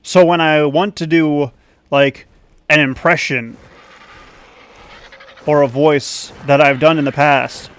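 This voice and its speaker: A man's voice: fairly high pitch, steady tone, slow pace, pauses often, a bit bright, no echo. A man giving rambling, self-conscious commentary as a YouTuber while playing a game. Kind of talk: casual gaming commentary.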